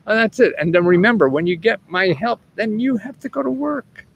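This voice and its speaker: A man's voice: high voice, lively intonation, fairly quick, creaky, lo-fi sound, a little hiss or hum. A man in his seventies, chatting casually and rambling as he answers viewers' questions, chuckling often and swearing freely. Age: 70s. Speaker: host answering viewers' questions about government money. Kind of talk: casual livestream chat.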